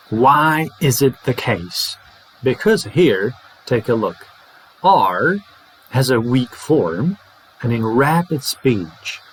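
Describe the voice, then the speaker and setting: A man with a Czech first language teaching English in a playful way, acting out phrases slowly and fast. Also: medium pitch, lively intonation, slight background noise, low-quality recording. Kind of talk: English lesson to camera.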